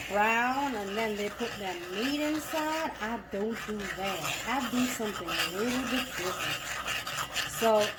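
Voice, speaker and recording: A woman's voice: fairly high pitch, heavy background noise. A Trinidadian woman giving a casual cooking demo in a home kitchen, jokey and chatty. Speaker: cooking vlogger. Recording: echoey room with faint ambience.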